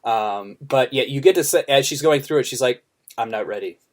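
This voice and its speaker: Male podcast co-host, average pitch, thoughtful and halting film commentary. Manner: thoughtful, hesitant, many fillers and restarts. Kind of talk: casual film discussion.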